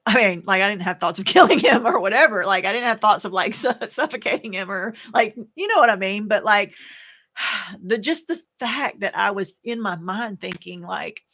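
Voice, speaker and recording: A woman, a widow, talking candidly to the camera, soft-spoken and earnest, halting and searching for words with many fillers. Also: medium pitch, expressive. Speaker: widow sharing her experience. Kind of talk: candid personal talk to camera.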